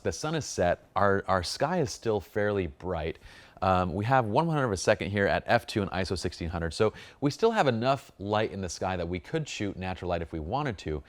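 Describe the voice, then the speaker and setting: A man teaching a photography workshop, upbeat and jokey, full of enthusiasm. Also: lowish voice. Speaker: photography instructor. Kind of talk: workshop lesson.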